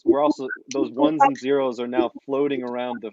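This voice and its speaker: A man narrating camera shots in an improvised scene, halting and filling with "uh". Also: mid-range voice, lively intonation, gravelly, a loud crowd. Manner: laughing, halting camera directions. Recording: dull dry lo-fi sound.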